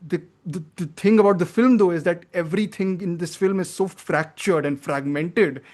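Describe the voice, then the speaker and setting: A man's voice: high voice, normal speed, darkish tone. A man, hosting a casual film podcast, talking earnestly and working out his thoughts aloud with many fillers and restarts. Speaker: podcast host.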